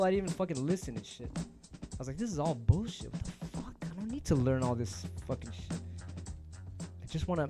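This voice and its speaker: A man with a somewhat high-pitched voice rambles to his viewers in a loose, heated rant full of swearing and street slang. He talks like a host chatting off the cuff. Faint music plays behind him. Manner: emphatic, heated. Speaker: DJ and stream host.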